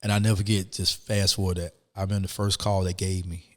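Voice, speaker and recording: A middle-aged man, a guest telling his story in an animated, emphatic way, full of "man" and "you know what I'm saying". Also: sits low, quick pace, long reverb tail. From Atlanta, Georgia. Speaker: interview guest. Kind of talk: conversational storytelling.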